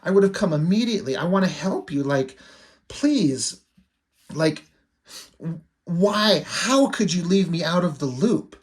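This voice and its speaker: A man casually reading out a fierce warrior princess, hurt and indignant, pleading and breaking off mid-sentence before pressing on. His tone sits a little higher and louder than his normal talk. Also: lively intonation, quick pace, hardly any pauses. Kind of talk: casual read-through of comic dialogue.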